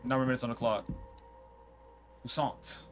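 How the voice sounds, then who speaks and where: A man streaming a game, chatting casually, reading on-screen text aloud and reacting with quick outbursts. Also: medium pitch, level tone, over music. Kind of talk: casual let's-play commentary.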